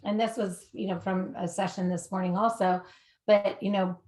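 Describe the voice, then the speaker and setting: A woman hosting a podcast, in casual, lively talk that often trails off and restarts. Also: mid-range voice, normal speed. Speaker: podcast host. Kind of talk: casual conversational chat.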